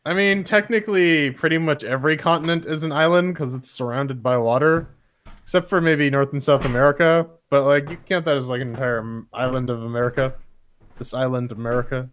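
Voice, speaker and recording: A man with a Canadian accent hosts a laid-back gaming chat show. His delivery is rambling, full of restarts and repeated words, and his pitch sits in an ordinary middle range. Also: fairly quick, fairly bright tone, a little hiss or hum. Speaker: podcast host. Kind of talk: casual chat.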